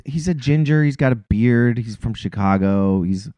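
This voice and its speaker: A man's voice: medium pitch, normal speed, dry recording. A man co-hosting a casual podcast, ranting with heavy swearing and loose, rambling energy. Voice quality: profane, animated ranting. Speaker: podcast co-host.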